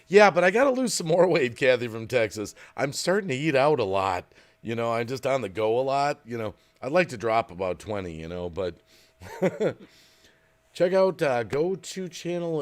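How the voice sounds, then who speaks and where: Middle-aged male streamer, casual and rambling, reads viewer comments aloud. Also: mid-range voice. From Wisconsin, USA. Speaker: live streamer. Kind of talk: casual live stream chat.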